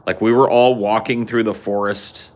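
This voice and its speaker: A man's voice: lowish voice, fairly even intonation, normal speed. A man hosting a podcast in casual chat, joking, swearing a lot and laughing often. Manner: profane, jokey, laughs often. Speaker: podcast host.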